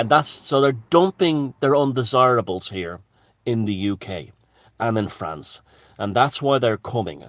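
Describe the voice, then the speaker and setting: A man's voice: medium pitch, no room sound. A man giving a heated, rambling political monologue, swearing and restarting his sentences. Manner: heated, profane, full of restarts and asides. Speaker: commentator.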